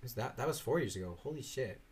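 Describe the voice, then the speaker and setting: A man's voice: animated, fast talker, slightly rough. A young man in casual chat, rambling through stories with lots of swearing and acted-out quotes. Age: young adult. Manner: rambling, swearing, acts out quoted voices with big jumps up in pitch.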